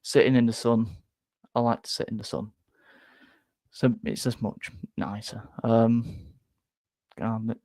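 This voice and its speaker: A man's voice: medium pitch, flat delivery, a little slow, pauses often, mellow, no room sound. A man with a Northern English accent chatting casually and rambling in a self-deprecating way about what he likes. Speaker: football fan channel host. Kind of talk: casual chat.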